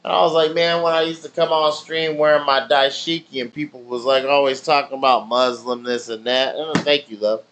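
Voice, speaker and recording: A man's voice: on the high side, moderate pace, fairly bright tone. A man streaming, telling rambling stories in loose slang with plenty of swearing. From family in Nigeria. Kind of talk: casual chat with stream viewers.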